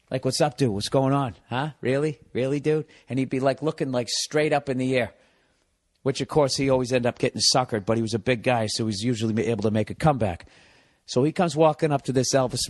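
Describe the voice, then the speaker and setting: A man's voice: mid-range voice, a bit bright. A man hosting a podcast, telling a rambling, profane comic story and breaking in to act out other people's voices. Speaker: podcast host.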